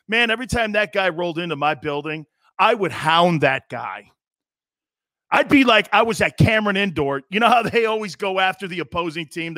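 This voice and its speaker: Brash and mocking, this middle-aged man hosts a sports radio show and delivers an animated, opinionated rant full of jeering put-on voices. His voice is high, and the studio recording is clean with no room sound.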